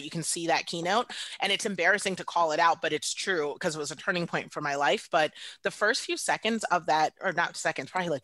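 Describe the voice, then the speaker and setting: A middle-aged woman, a podcast guest, telling a personal story in casual conversation and jumping into high mock voices. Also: pushed and bright, no echo.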